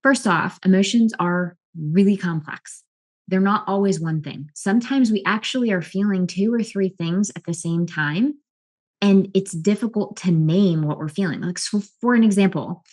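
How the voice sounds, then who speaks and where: Calm, earnest woman coach, low-pitched. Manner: calm, earnest, with frequent restarts. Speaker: life and wellness coach. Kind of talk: explanatory talk to camera.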